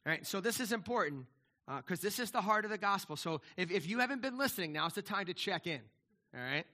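A middle-aged pastor speaks fast in a high, sharp voice with lively intonation, preaching as if chatting with his listeners. He restarts and repeats himself a lot, often asking "right?"

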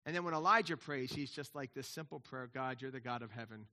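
Preaching at a medium pitch and a slightly quick pace, this male pastor alternates soft, personal remarks with booming, forceful passages. Important phrases come back again and again for emphasis.

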